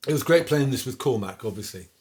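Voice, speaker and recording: A man with a West Country accent, a singer-songwriter hosting a request show from home during lockdown, chats casually between songs and reads out dedications. He talks fast, at medium pitch, with a darkish tone and lively intonation, over faint guitar.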